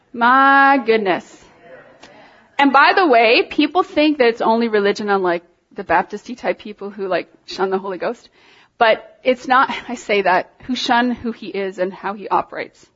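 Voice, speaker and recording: A woman preaches in a loose, conversational way, circling back on her words and pressing her points with animated emphasis. Her voice sits a little high. The recording sounds dull and lo-fi. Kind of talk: informal sermon.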